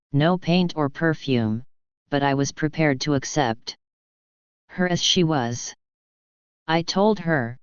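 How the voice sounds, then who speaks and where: A storyteller reads a novel aloud at an unhurried pace. The voice is very clean and clear, and it sits close and dry in a slightly dull, lo-fi recording. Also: medium pitch, no echo. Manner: measured, even first-person reading. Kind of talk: scripted narration of a novel.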